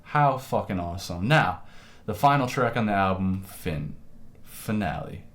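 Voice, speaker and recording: A man's voice: on the low side, lively intonation, measured pace. A man hosting a music reaction, talking casually and effusively, rambling and swearing freely.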